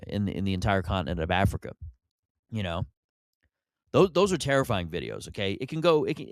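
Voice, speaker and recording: A man's voice: on the low side, no room sound. Rambling man, dry close mic. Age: 30s. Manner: rambling and animated, with lots of restarts. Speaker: comedian podcast host. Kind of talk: solo comedic monologue.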